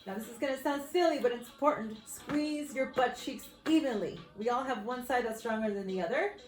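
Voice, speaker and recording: Fitness coach, woman, somewhat high voice, upbeat and whooping, a bit breathless; echoey room, soft music bed. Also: fairly quick. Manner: upbeat, cheering with whoops, shaky while exercising along. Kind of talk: workout instruction.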